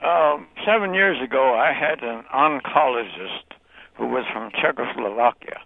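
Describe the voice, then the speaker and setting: Slow, lively-pitched caller on a phone line. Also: male voice, creaky, no room sound.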